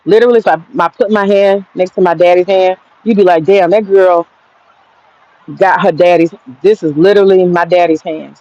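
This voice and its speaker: Her voice is fairly low, creaky, and darkish, captured in a dry, muffled recording. A woman vlogger in her outdoor garden gives blunt, profane commentary, rambling and talking directly to her viewers in a casual rant.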